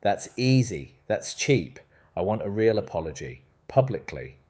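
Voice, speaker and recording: A man voicing a blunt, composed woman gardener in a storybook reading, speaking in a flat, firm, matter-of-fact way. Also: lowish voice, unhurried, husky, exaggerated voice.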